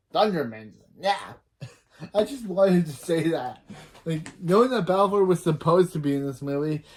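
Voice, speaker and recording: A man's voice: fairly high pitch, darkish tone. A man retelling a movie scene by scene in a rambling way, reciting each character's lines after "he says" and often correcting himself mid-sentence. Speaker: reaction channel host.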